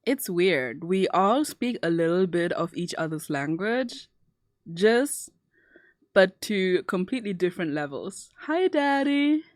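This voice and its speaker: Chatty low-voiced woman streamer. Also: animated, measured pace, no echo, studio quality. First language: German. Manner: chatty, laughs often, swears casually. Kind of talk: casual chat while drawing.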